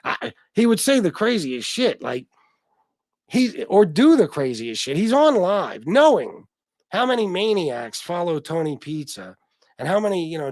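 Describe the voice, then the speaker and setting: He's a livestream host whose fairly high, darkish voice has no echo. Reading out donations and chat in a casual stream, he rambles, swears liberally, and keeps restarting.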